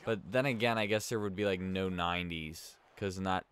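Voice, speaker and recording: Man, deep voice, let's play commentary, casual and rambling, quick game reactions. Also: fairly bright tone.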